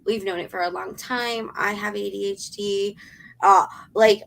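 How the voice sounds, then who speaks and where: A woman's voice: mid-range voice, fairly even intonation, a little slow, creaky, a little hiss or hum, low-quality recording. A woman hosting a casual interview, eagerly sharing personal stories as a mother. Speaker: podcast host and mother.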